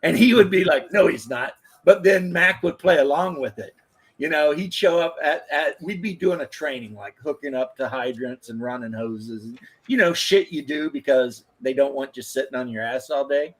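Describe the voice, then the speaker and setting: Husky man telling profane stories. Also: fairly high pitch, normal speed. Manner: profane, rambling anecdotes. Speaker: podcast host, former firefighter. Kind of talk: casual storytelling chat.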